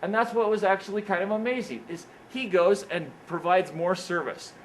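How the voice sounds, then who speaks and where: A man delivers a motivational career talk in an indoor meeting room, telling stories with an animated, repetitive rhythm. His voice sits a little higher than most men's. A faint background noise runs under his speech. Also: moderate pace, rough recording. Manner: animated storyteller, repeats "what happens is, is that". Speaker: speaker at an engineering career event.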